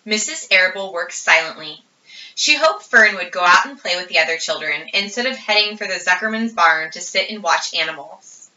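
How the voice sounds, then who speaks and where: A woman's voice: fairly low pitch, moderate pace. Woman reading a children's storybook aloud. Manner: steady, expressive narration. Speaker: audiobook reader. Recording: roomy, distant, dull audio.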